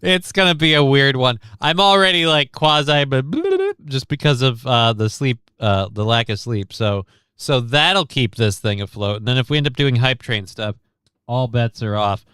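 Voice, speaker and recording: A man with a medium-pitched voice speaks at a moderate pace, his tone bright, forceful, clear, and resonant. As the host of a casual livestream, he sounds tired and short of breath, rambling, interrupting himself, and reading chat messages aloud. The clean studio sound has no echo.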